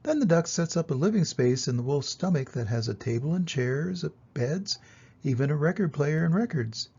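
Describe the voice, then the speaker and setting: An older man reads a picture book to children in an unhurried, gentle way. His voice is gravelly and husky with a lively, sing-song pitch, and the recording is dull and lo-fi. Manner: gentle, explanatory. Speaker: grandfather storyteller.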